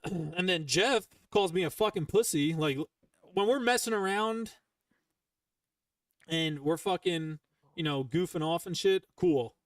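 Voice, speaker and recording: A man's voice: high-pitched, expressive, measured pace, pauses often, no echo, distant mic. A man hosting a podcast, telling a heated, profane story in casual chat and rambling with restarts. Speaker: podcast host.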